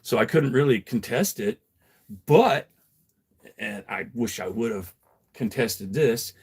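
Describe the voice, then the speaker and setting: A man's voice: medium pitch, expressive, takes it slowly, creaky, a little mellow, husky. A middle-aged man telling a story on a livestream, rambling and profane, chuckling as he goes. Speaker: livestream host. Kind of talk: casual storytelling.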